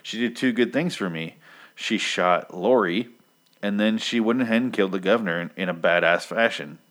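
A man casually recapping a comic book issue, rambling, swearing freely and filling pauses with "um". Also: lowish voice, a bit bright. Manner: rambling, profane, lots of ums.

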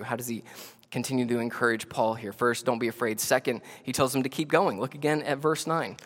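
Man preaching in a reverberant hall. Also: medium pitch. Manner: animated, swings between loud emphasis and hushed near-whispers. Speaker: pastor. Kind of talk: sermon.

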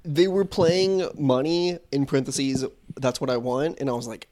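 A man's voice: medium pitch, steady tone, normal speed, warm tone. A man co-hosting a casual film podcast, playful and rambling. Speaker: podcast co-host. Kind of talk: casual chat.

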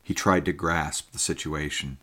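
A man narrating a story in a measured, steady reading. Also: very deep voice. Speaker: audiobook narrator. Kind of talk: scripted narration.

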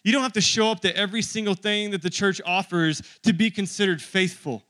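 A man's voice: high-pitched, fairly even intonation, a little fast, a bit bright, no room sound. Man in his thirties preaching. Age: 30s. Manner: conversational, joking with the congregation. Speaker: pastor. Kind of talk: sermon. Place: church.

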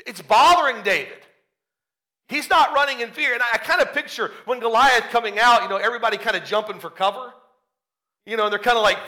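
A man preaches an animated sermon, retelling a story and acting out its characters as he goes. His voice sits high. Its tone is bright and forceful. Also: fairly quick.

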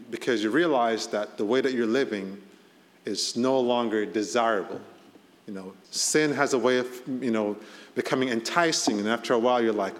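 A man's voice: medium pitch, moderate pace. A man, a pastor, preaching a sermon in a conversational way, his voice rising to stress key points. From Boston area. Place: church hall. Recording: long hall reverb.

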